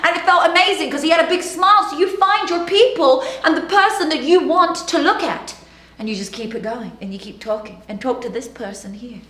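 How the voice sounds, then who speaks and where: Woman, motivational speaking coach, high voice, loud-to-whisper dynamics, roomy echo. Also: fairly quick. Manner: dramatic swings between loud emphasis and hushed whispering; energetic, direct address to the viewer. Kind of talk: motivational teaching monologue. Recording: echoey room with faint background noise.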